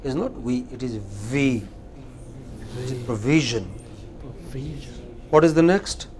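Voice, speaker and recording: A man teaching English pronunciation in a university classroom with an Indian English accent, correcting students and slowly repeating words for them to copy. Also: mid-range voice, lively intonation, darkish tone, a little hiss or hum.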